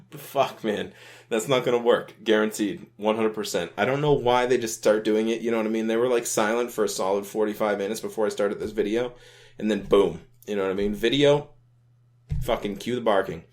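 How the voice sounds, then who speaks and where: A man's voice: fairly low pitch, steady tone, fairly quick, darkish tone. A young man casually commenting on a browser game, rambling and laid-back, often tacking on filler phrases and swearing offhandedly. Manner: rambling and laid-back, keeps adding "you know what I mean", swears casually. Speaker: gaming video host.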